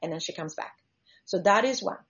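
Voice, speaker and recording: A shark diver and conservationist tells stories in a conversational interview, acting out vivid examples as she explains. Her lowish voice has lively intonation and a fairly bright tone, and she speaks fairly quickly. The lo-fi recording sounds slightly dull.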